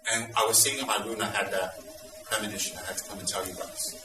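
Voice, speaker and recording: A man teaching Buddhist students in an intense, dramatic way, at times breaking into loud exclamations. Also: on the low side, steady tone, fast, reverberant, distant mic, music in the background, rough recording.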